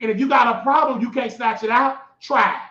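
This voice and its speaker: A man hosting his show, telling a story in an emphatic, repetitive way that bursts into shouting. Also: very high-pitched, steady tone, fairly quick. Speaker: host. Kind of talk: animated storytelling monologue. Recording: echoey, dull lo-fi recording.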